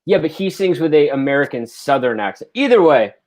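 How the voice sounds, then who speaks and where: A man hosting a casual online quiz show from home over a video call. His voice sits a little high, and he reads out the scores and choices between jokes and quick banter. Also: lively intonation, darkish tone. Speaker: game show host.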